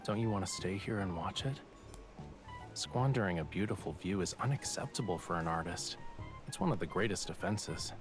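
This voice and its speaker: An actor playing a dramatic, affectionate male artist love interest in a game, speaking softly and theatrically. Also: sits low, lively intonation, normal speed. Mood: teasing. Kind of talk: game voice acting. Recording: game audio played on a stream, with music.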